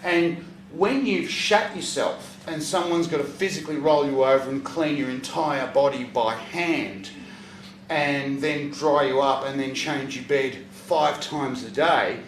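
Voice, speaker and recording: A man telling a profane stand-up story, breaking into loud shouts at punchlines. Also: fairly high pitch, slow, slight background noise. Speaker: stand-up comedian. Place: comedy venue stage, audience laughter. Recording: echoey live venue from far off.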